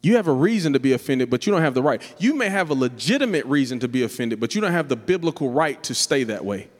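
A man preaching a sermon to a congregation, lively and playful, breaking into high voices to act out the people in his stories. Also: fast. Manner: animated preaching, jumps up in pitch for playful impressions of others. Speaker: pastor. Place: church sanctuary. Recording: church hall reverb.

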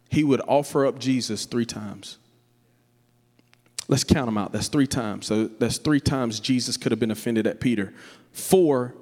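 A man preaching a sermon to a congregation, lively and playful, breaking into high voices to act out the people in his stories. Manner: animated preaching, jumps up in pitch for playful impressions of others. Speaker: pastor. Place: church sanctuary. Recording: church hall reverb.

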